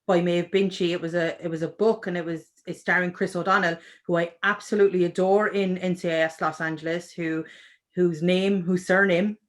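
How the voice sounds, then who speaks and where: A woman's voice: on the low side, fairly quick. Chatty Irish woman on a video call. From Ireland. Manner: chatty, animated, restarts often. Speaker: author guest. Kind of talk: casual video-call interview.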